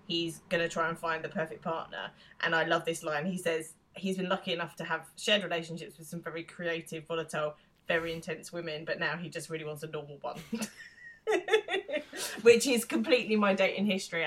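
A woman's voice: lowish voice, fairly bright tone. A woman co-hosting a podcast in casual chat, laughing often as she recaps an episode. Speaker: podcast co-host.

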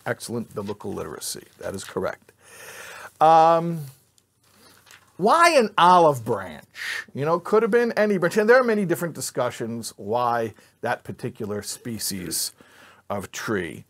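A man's voice: medium pitch, sing-song, unhurried. A man teaching an informal Bible class to a live group, joking and quizzing his listeners. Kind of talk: informal Torah class with audience.

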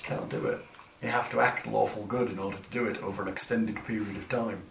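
A man running a tabletop game, explaining rules quickly, recorded far off in an echoey room. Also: fairly low pitch, steady tone, vocal fry, heavy background noise. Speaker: game master.

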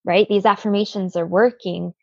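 A woman tells her own story with earnest openness, her words dotted with casual fillers. Her voice carries a gravelly edge. The sound is dry and a little muffled, like a lo-fi recording. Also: mid-range voice, steady tone, moderate pace, mellow, dry recording. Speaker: guest. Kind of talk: personal story in an interview.

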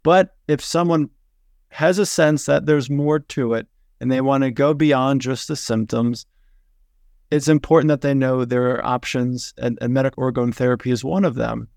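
Smooth-voiced male doctor hosting. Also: mid-range voice, steady tone, normal speed, darkish tone, no room sound, clean studio sound. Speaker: podcast host and physician. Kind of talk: podcast conversation.

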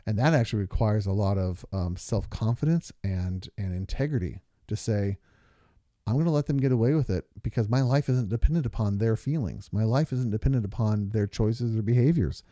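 A man's voice: fairly low pitch, fairly quick, dark tone, dry recording, studio quality. A man co-hosting a podcast with his wife, talking earnestly through long examples and stories. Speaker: podcast co-host. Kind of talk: casual podcast conversation.

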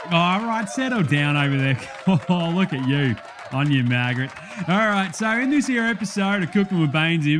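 A man's voice: a little high, slight background noise, lightly acted. A man with an Australian accent voicing a brash, blokey male TV cook who jokes and laughs with his studio audience. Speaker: podcast host in a comedy bit.

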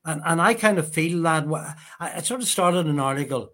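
A man giving an earnest, measured interview answer as a guest. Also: fairly high pitch, fairly bright tone.

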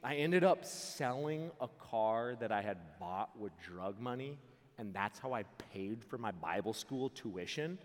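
A young man giving a youth camp sermon, telling a personal story with loud jokes and hushed earnest parts. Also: mid-range voice, animated, measured pace. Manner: acts out voices in quotes, repeats words. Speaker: camp speaker. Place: large camp auditorium. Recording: long hall reverb.

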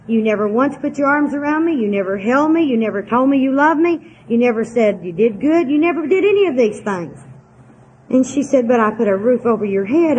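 A woman's voice: a little high, a little mellow, lo-fi sound, slight background noise. An older woman, candidly telling a personal recovery story in a homespun, frank way. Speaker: twelve-step speaker.

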